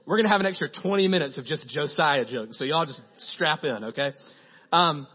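Youth pastor guy preaching, husky voice, kinda dull lo-fi recording, jokey and loose. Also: a little high, brisk. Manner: casual, joking, animated storytelling. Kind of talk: sermon.

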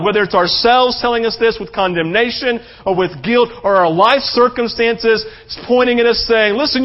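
A male pastor preaching a sermon in a conversational way, often checking in with his listeners with quick tag questions. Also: very high voice, highs cut off.

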